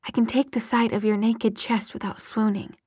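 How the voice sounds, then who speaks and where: A woman whispering the lines of an earnest, worried young woman, a whispered role-play in a soft breathy voice. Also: fairly high pitch, steady tone, normal speed, no echo, studio quality. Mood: impatient.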